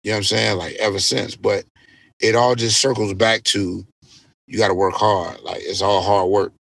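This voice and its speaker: A man, a DJ guest on an interview podcast, telling a story in a casual, animated way with plenty of swearing. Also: fairly low pitch, moderate pace, vocal fry, no echo. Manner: animated, profanity-laced storytelling.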